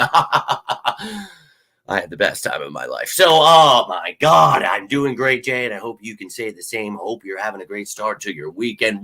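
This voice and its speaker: A fired-up man hosts a live fan stream in loose, profane chat, swinging between loud bursts and mutters. His voice is forceful and sharp-edged, a bit worn from yelling at a game. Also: medium pitch. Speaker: sports fan show host.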